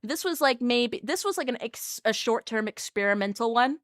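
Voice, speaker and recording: A woman VTuber chatting casually on a live stream, animated and self-mocking. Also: on the high side, normal speed, dry recording, clean studio sound.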